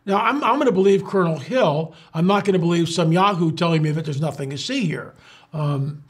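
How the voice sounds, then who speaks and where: A man's voice: on the high side, brisk, husky. A man hosting his show, talking in a sarcastic, incredulous monologue with many fillers and restarts. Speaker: show host. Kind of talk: casual commentary monologue.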